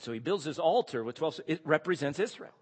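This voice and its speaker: A man preaching an expository sermon, animated, full of rhetorical questions and chuckling asides. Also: a little high, fairly quick, breathy edge. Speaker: pastor or Bible teacher. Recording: long reverb of a large hall.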